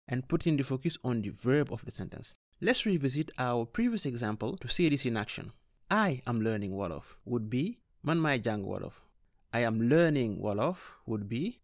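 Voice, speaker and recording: A man teaching a scripted beginner grammar lesson, explaining clearly and steadily with examples. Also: medium pitch, no echo, studio quality. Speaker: language teacher.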